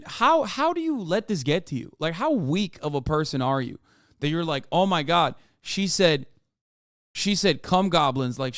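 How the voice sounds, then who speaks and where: A man's voice: on the high side, fairly bright tone, no room sound, studio quality. A man streaming a reaction, commenting in an exasperated, profane rant. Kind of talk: casual livestream reaction commentary.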